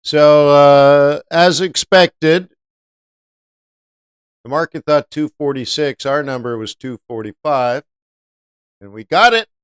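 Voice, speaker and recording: A man's voice: fairly high pitch, slow, pauses often, smooth, no room sound. A man hosting a live-stream trading lesson, chatty, often asking viewers rhetorical questions. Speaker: trading educator.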